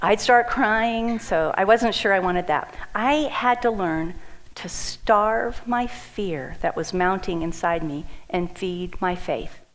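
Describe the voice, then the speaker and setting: A woman's voice: mid-range voice, slow pace, low-quality recording. A middle-aged woman giving a heartfelt speech about her own story to an audience, acting out what friends said to her. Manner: emotional, heartfelt, animated quoting of others. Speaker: speaker at a community event.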